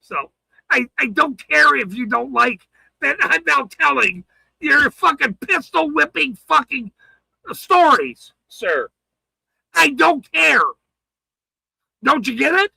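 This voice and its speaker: Male streamer, angry profane rant, sharp bright voice, lively pitch swings. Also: slow, vocal fry, pauses often, no echo, rough recording. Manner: profane, taunting, swings between shouting and muttering. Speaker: livestream host. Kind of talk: angry ranting livestream.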